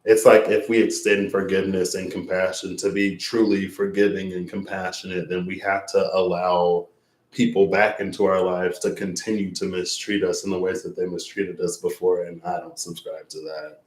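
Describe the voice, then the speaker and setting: Deep-voiced man rambling, echoey room. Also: little pitch movement, normal speed. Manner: rambling, reflective, laughs often. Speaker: tarot reader. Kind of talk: late-night livestream wrap-up chat.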